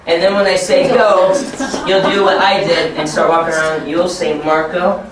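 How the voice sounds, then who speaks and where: A man's voice: moderate pace, a crowd in the background. Encouraging male teacher in an echoey hall. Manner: encouraging, acts out excited kids in a high voice. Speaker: ESL teacher trainer. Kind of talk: teacher training session. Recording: echoey room from far off.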